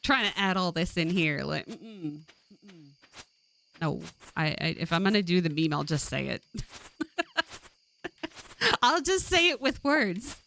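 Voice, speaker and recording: A woman's voice: on the low side, a little slow, pauses often, slight background noise. A woman in her forties from California, chatting casually and laughing often while streaming a game. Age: 40s. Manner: rambling, laughs often, animated.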